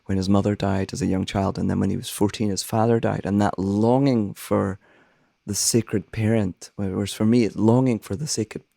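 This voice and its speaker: Male minister-songwriter, soothing scratchy voice with a gravelly edge, thoughtful interview talk. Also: on the low side, steady tone, moderate pace, dark tone, no room sound, clean studio sound. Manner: thoughtful, earnest, searching for words. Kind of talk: reflective conversation.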